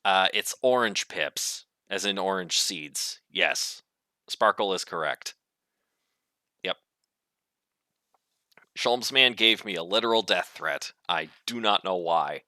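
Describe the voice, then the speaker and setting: A man's voice: sits low, takes it slowly, pauses often, sharp tone, no room sound, clean studio sound. A man streaming live, reading a game aloud in a casual, stumbling way. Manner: casual, stumbling over his words.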